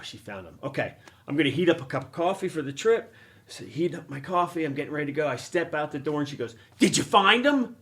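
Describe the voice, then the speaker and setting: Animated middle-aged man telling a story. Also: a little high. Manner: animated, swears, laughs at his own story. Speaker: podcast host. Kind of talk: storytelling in casual chat. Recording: noisy action-camera room recording.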